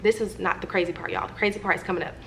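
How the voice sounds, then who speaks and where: A young adult woman vlogger telling a personal story to her viewers in a chatty, animated way and addressing them directly. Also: medium pitch, rapid-fire, creaky, a little hiss or hum.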